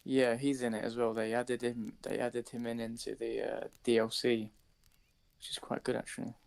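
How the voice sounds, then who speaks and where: A British man chatting casually over voice chat, relaxed and a little profane. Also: mid-range voice, moderate pace, creaky. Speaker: guest in voice chat.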